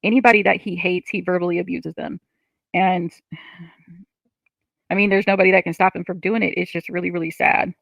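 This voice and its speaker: Gravelly-voiced woman ranting on a livestream. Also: lowish voice, steady tone, brisk, long pauses, a bit bright, no room sound. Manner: frustrated, ranting, swears often. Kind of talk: livestream chat, reading comments.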